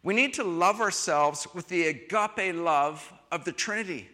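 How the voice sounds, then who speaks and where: A man preaching a sermon, switching between quiet reflective lines and loud, emphatic ones. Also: high-pitched, unhurried. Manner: expressive, shifts from soft to loud emphasis. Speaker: pastor. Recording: long hall reverb.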